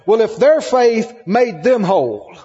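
Emphatic high-voiced preacher in a reverberant hall. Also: male voice, big pitch swings, unhurried, warm tone, slightly rough. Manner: emphatic, repetitive, asks the congregation questions. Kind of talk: sermon. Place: church hall with congregation. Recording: muffled recording in a hall with long reverb.

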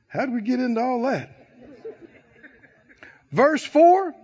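A male pastor delivers a sermon, swinging between soft asides and loud, shouted exhortation. His voice sits very high and leaps about. The recording is dull and lo-fi. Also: very animated, slow, long pauses, husky.

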